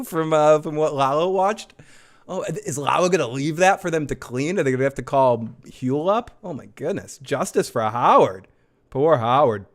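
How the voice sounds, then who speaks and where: A man hosting a live stream, chatting casually in an excited, rambling way, swearing often and restarting his sentences. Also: fairly high pitch. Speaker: show host reviewing a TV episode live.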